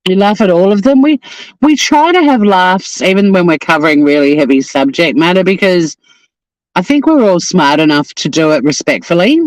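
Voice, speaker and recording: Australian man, fairly high voice, dry close sound, profane joking live-stream chat on the coast. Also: lively intonation, normal speed, no room sound, rough recording. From Tasmania, Australia. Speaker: livestream host. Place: outdoors on a coast.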